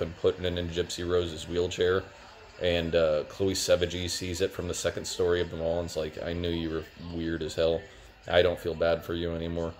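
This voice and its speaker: A young man with a deep, low voice talks through a TV review in a loose, rambling way. He keeps reaching for "like" and "uh" as he goes. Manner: rambling, lots of "like" and "uh". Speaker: TV show reviewer. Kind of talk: casual spoken review.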